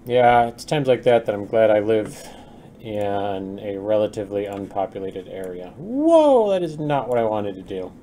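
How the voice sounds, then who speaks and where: A chatty young adult man streams himself making a game, reading chat aloud and muttering as he types faintly away. His fairly low voice stays level and mellow at a normal speed. A little hiss or hum runs under the recording.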